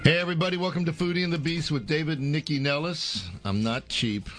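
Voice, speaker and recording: A man's voice: a little high, a bit bright, soft background music. Joking, bantering male radio host. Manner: joking, bantering, a bit halting. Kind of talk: casual food-and-drink talk show.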